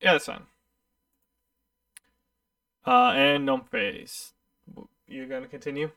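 A man running a tabletop game as game master, relaxed and hesitant, with lots of ums. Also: high-pitched, slow, gravelly, no room sound, distant mic. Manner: relaxed, hesitant, filler-heavy.

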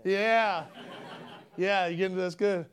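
A man preaching a sermon, loud and folksy with fervent emphasis. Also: high-pitched, steady tone, slow. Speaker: pastor.

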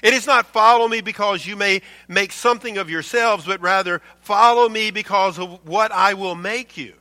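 A man's voice: high-pitched, moderate pace, sharp tone. A man preaching a sermon to his congregation, quoting scripture and building his points with shifting intensity. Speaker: pastor.

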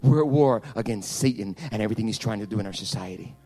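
A male pastor preaching a sermon, swinging between loud emphatic passages and hushed, intimate ones. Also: fairly low pitch, fast, hardly any pauses, soft background music.

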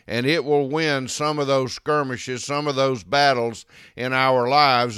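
A male pastor delivers a sermon at an unhurried, deliberate pace. His voice is clear and resonant, recorded dry and close. He leans into key phrases with firm emphasis. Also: mid-range voice, a bit bright, no echo. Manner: slow, deliberate preaching with emphatic stresses. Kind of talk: expository sermon.

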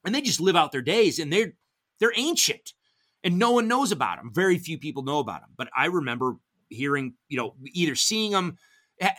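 Relaxed yet spirited, a middle-aged man on a podcast swaps hunting stories as a guest. Whenever he quotes someone, he acts it out with big pitch shifts.

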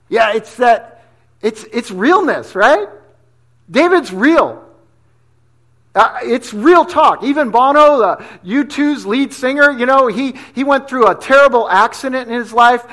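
A man's voice: very high-pitched, lively intonation, a little slow, fairly bright tone. A male pastor giving a sermon in a casual, conversational way, dropping slang asides as he teaches.

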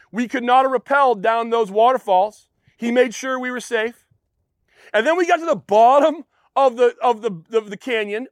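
A man with a high voice preaches a sermon, telling a story and acting out people's lines. His voice is recorded dry and close, with no room sound. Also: dry recording. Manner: storytelling, acts out quotes, asks the audience questions. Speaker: pastor.

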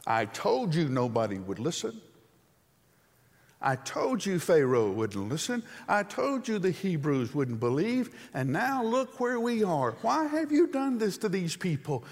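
A man's voice: high-pitched, voice pushed up, exaggerated voice. A man preaching, voicing an exasperated male prophet who complains to God in a whiny, pleading way. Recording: long hall reverb.

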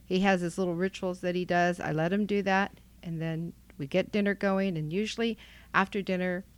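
A middle-aged woman speaking candidly in an interview about her marriage, reflective and halting, with frequent ums. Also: fairly low pitch, steady tone, clear, resonant tone. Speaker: guest, wife.

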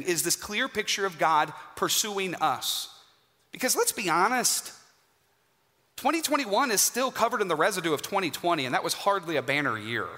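A man preaching a sermon in a church, emphatic and dramatic, with pauses for effect. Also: high voice, pushed and bright. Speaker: guest preacher. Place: church sanctuary. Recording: hall reverb.

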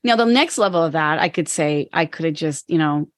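A woman's voice: sits low, animated, a little fast, dry recording. A woman co-hosting a podcast conversation, speaking candidly and reflectively, sometimes acting out her own inner voice. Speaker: podcast co-host and business owner.

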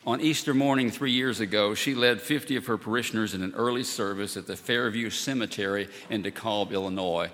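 Low-ish bright-voiced pastor guy preaching slow and solemn, lots of church echo. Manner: measured, solemn, emphatic repetition. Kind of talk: sermon. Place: church sanctuary. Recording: long church hall reverb.

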